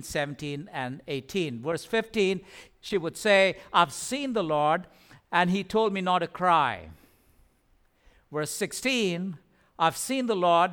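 A man's voice: high voice, a bit bright, smooth. A man pastor preaching an earnest sermon, repeating phrases for emphasis and sometimes stumbling over words.

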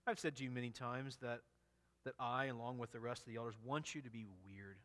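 A man's voice: medium pitch, fairly even intonation, a little fast, a bit bright, in a large hall. A man preaching an expository sermon, earnest and emphatic, often repeating and restarting phrases. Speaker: pastor.

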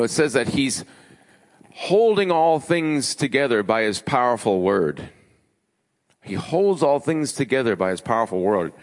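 A man preaching a sermon as pastor, emphatic, building his lists with rising pitch. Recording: long hall reverb.

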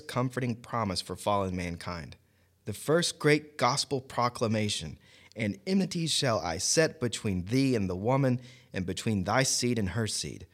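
A man in a casual Bible discussion podcast who laughs often and, when reading a long commentary aloud, reads it deliberately. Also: fairly low pitch.

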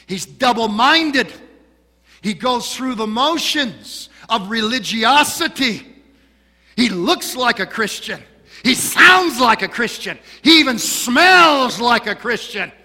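A man preaching a sermon as pastor in a church, dramatic, swinging between loud pleas and hushed asides. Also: very high voice, big pitch swings, slow. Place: church sanctuary. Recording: long church hall reverb.

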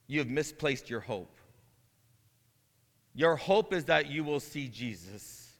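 Man, sermon, bright forceful tone, earnest, rising to emphatic proclamation, church hall reverb. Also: mid-range voice. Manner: earnest, conversational asides building to emphatic proclamation. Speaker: interim pastor. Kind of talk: sermon with scripture reading. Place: church sanctuary.

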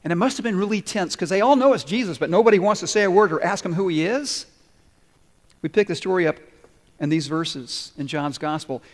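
A man preaching a sermon, telling stories and acting out the people in them as he goes. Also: high-pitched. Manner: storytelling preacher, voices the people in the story. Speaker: pastor. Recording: long reverb of a large hall.

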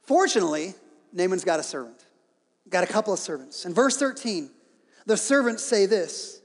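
Preacher guy, high voice, lively storytelling with jokes thrown in, long echo like a big hall. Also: normal speed. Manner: lively storytelling with joking asides. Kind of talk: sermon. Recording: reverberant hall.

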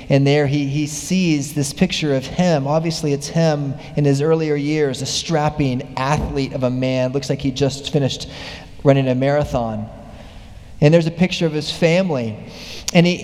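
A man preaching a sermon, retelling a story with growing animation. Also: mid-range voice. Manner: animated storytelling, voice rising with excitement. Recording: long hall reverb.

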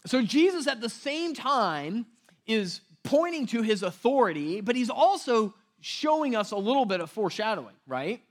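Speaking at a normal speed, a male pastor delivers an informal sermon like he's chatting with a friend, not reading from a script. He sounds animated, with a high voice that ranges widely in pitch, and he slips into character voices for the quoted people in his story.

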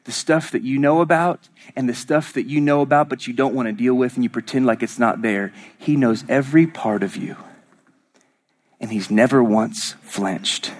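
A man preaching a sermon as pastor, swinging from loud rising lines to hushed whispers. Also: mid-range voice, normal speed.

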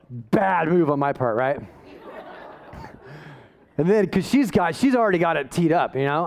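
This is a male pastor delivering a sermon with a notably high-pitched voice. He tells stories in a relaxed, self-deprecating way and then presses his point with real emphasis. He sounds middle-aged. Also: normal speed, vocal fry, long pauses. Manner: storytelling, self-deprecating and conversational, rising to emphatic preaching.

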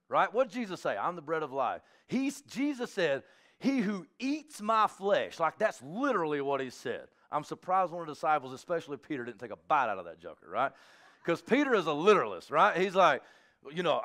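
A man pastor preaching a sermon in a church, swinging from quiet asides to shouted exhortation. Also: fairly high pitch. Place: church sanctuary.

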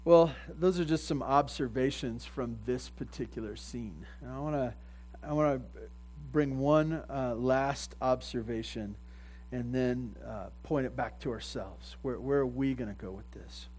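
Man, pastor preaching, conversational, repeats phrases, mid pitch, mains hum behind. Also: unhurried, darkish tone, rough recording. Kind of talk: sermon.

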